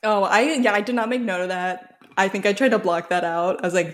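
A young adult woman co-hosts a casual podcast, chatting loosely about a reality show. Her medium-pitched voice holds a steady tone and moves a little fast with hardly any pauses, full of fillers and frequent laughter.

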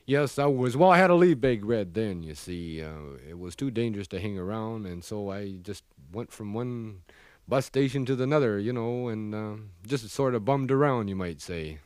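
A slow, good-natured Canadian crab, voiced by a man in an old comedy record sketch, low-pitched and folksy with a Canadian accent. He keeps saying "eh?" and "by golly", and his lines sink low and quiet at the ends. The recording is dry and close. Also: expressive, smooth, dry recording, natural voice.

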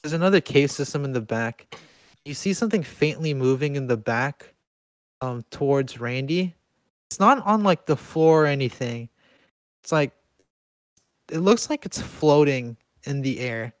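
A man's voice: mid-range voice, lively intonation, no echo. Young man narrating as game master. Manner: halting, filler-heavy narration with laughs. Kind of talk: narrating a tabletop game among friends.

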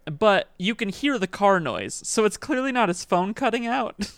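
A man's voice: high voice, very animated, moderate pace, gravelly, a bit bright, dry recording. A man co-hosting a podcast, explaining in a dry, wry way. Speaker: podcast co-host. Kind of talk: casual chat.

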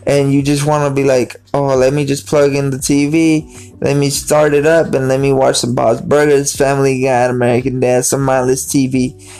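In a flat, darkish voice of medium pitch, a man speaks at a moderate pace about his personal life. The talk is casual and rambling, full of repeated words and acted-out greetings, with faint music in the background.

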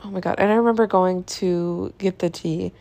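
Gravelly young woman ranting. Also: on the low side, moderate pace. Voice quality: swearing, chatty, with laughs and sighs. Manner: animated, exasperated, drops to mutters. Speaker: podcast host. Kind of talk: casual storytelling monologue.

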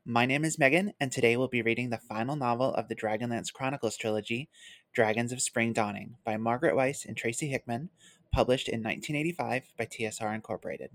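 Scripted podcast host, measured delivery, dry close mic, mid pitch. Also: dry recording.

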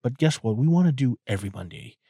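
A man's voice: mid-range voice, sing-song, fast, gravelly, mellow, slightly rough, no echo, studio quality. A man hosting his own podcast, talking casually and rambling, often repeating words and swearing as he goes. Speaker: podcast host. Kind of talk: casual solo podcast talk. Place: inside a parked car.

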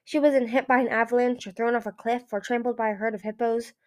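A female dragon doctor who rambles along and doubts everything she is told, as a woman reading a storybook aloud puts her on. The voice sits fairly high and close to the reader's own. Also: fairly even intonation, fast, lightly acted. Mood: chatty. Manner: chatty, skeptical.

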